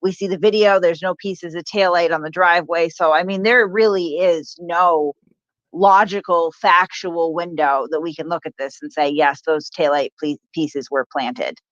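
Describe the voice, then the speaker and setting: High-voiced man in a dull clip. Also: normal speed, no echo. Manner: steady, matter-of-fact with fillers. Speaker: online trial commentator. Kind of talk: measured commentary.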